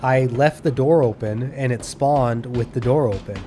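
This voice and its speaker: A man streaming a video game, giving casual, chatty commentary in a relaxed way and laughing often. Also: medium pitch, normal speed.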